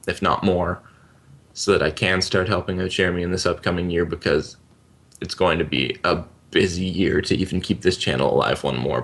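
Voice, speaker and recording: A young man in his late teens chats casually as co-host of a gaming channel. His voice sits very low, and he speaks earnestly and reflectively, with some hesitation. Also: fairly bright tone. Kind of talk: casual chat.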